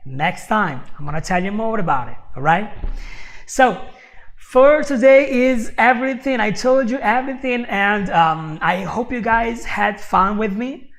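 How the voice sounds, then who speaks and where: A man's voice: high voice, vocal fry. A man teaching English in a live-stream lesson, chatty, checking in with "okay?" and repeating words as he goes. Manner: repeats words while finding them.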